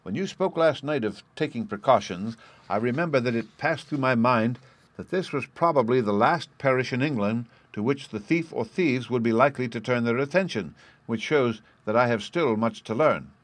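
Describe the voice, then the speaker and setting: A man voicing a thoughtful, drily amused detective who reasons in a measured way, in an audiobook reading. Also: medium pitch, no echo, natural voice. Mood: musing. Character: sharp, languid male detective, thoughtful and dry.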